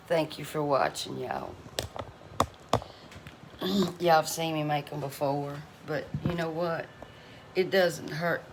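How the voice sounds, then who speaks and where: A middle-aged woman with a drawl chats casually to her viewers from her home kitchen. She is folksy and talkative and laughs often between thoughts. A faint hum of noise sits under her voice. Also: low-pitched. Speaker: cooking channel host.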